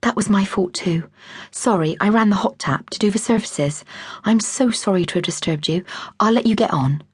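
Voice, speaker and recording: A woman's voice: medium pitch, moderate pace, breathy edge, dry recording, clean studio sound, lightly acted. A woman voicing a flustered, apologetic young mother in an audiobook.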